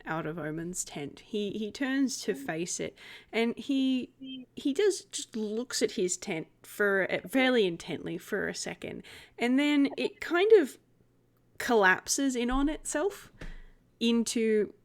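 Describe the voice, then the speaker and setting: A woman's voice: a little high, lively intonation, slow pace. A woman narrating and running a tabletop role-playing game as game master, descriptive and giggly.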